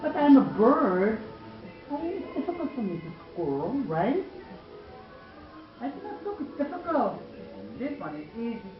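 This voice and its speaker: Mom doing a tiny bluebird girl, high and bouncy, playful, echoey dull room with music behind. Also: big pitch swings, moderate pace, long pauses. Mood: cheerful. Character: tiny cheerful female bluebird.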